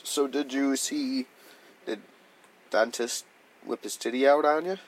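A man's voice: mid-range voice, measured pace, poor audio. A young man co-hosting a podcast, chatting in a teasing, crude, joking way. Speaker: podcast co-host. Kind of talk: casual chat.

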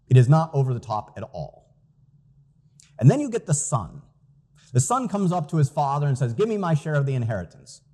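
A man's voice: fairly high pitch, dark tone. A man preaching a sermon as pastor, earnest and emphatic, reading out scripture quotes.

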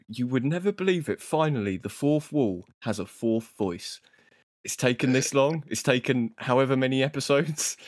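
A man's voice: medium pitch, no room sound, clean studio sound. A young man hosting a casual film podcast in a loose, sweary, self-deprecating way. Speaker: podcast host.

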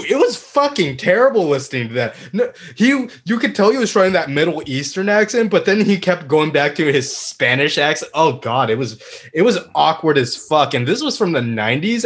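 A man's voice: a little high, a bit bright. A man co-hosting a casual podcast, giving heated opinions and swearing freely. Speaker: podcast co-host. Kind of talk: casual chat.

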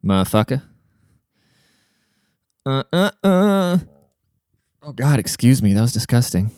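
Dude on his podcast cussing and rambling, smooth clear voice, super dry sound. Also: mid-range voice, very animated, a little slow, a little mellow, no room sound. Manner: profane, rambling bro-talk with filler words. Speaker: podcast host and rapper. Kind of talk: casual chat, giving relationship advice.

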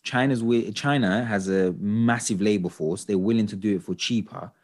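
A man co-hosting a podcast, talking in casual chat with an animated, exasperated, ranting manner. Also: on the low side, normal speed. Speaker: podcast co-host.

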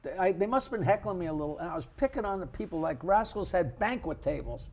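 High-voiced older man telling stories. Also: fast talker. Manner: animated, jokey storyteller. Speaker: co-host comedian. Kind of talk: casual storytelling.

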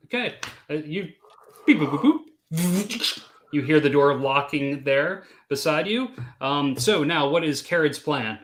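A man's voice: on the high side, a little slow, few pauses, fairly bright tone. Man running a tabletop game. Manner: casual, filler-heavy narration. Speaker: game master.

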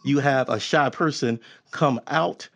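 A man's voice: mid-range voice, a little slow, a bit bright. A man hosting an interview, asking questions in an encouraging, reflective way with many fillers. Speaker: interviewer host. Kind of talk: conversational interview.

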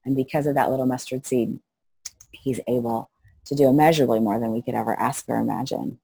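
This is a middle-aged missionary woman in a storytelling interview, animated and acting out the people she quotes. She has a bass, husky voice with vocal fry, talks a little fast, and there's no echo.

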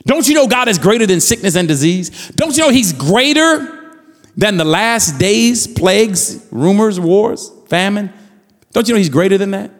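A man's voice: high-pitched, lively intonation, moderate pace, in a large hall, faint music behind. A man preaching a fervent sermon as pastor, repeating phrases and building with rising calls to the congregation.

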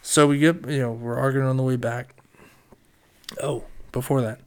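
Animated storytelling young man. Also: medium pitch, normal speed, clear, resonant tone. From Reading, Pennsylvania. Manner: animated, swears a lot, acts out friends' lines loudly. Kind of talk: casual storytelling.

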